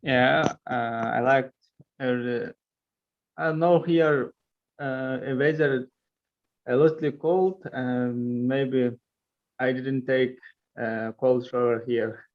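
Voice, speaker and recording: A man in an online chat club over a video call, speaking haltingly and searching for words. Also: mid-range voice, steady tone, phone-quality sound. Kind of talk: casual chat.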